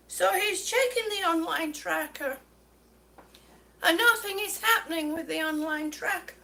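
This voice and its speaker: A woman with a very high, bright voice vents to her viewers in a slow, drawn-out way. She is short of breath and keeps stumbling and repeating herself, plainly exasperated by the story she is telling. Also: creaky. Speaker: vlogger. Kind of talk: ranting story to camera.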